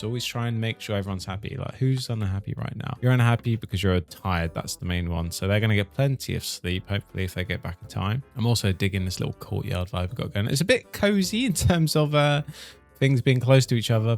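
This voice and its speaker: A man giving casual, cheeky gameplay commentary, chatting along and teasing the characters on screen. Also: on the low side. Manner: chatty, cheeky, mildly swearing at his settlers. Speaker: gaming commentator.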